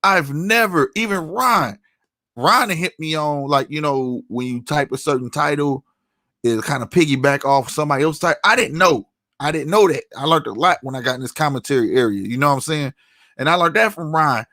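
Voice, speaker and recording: A man's voice: a little high, brisk, pushed and bright, dry recording, clean studio sound. A man giving a heated commentary rant, angry and profane, often tossing in "you know what I'm saying". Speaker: online commentator.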